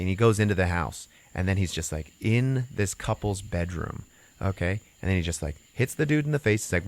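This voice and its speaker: In a low, brisk voice, a man on his podcast retells a story in casual conversation. Rambling asides and acted-out quotes run through it.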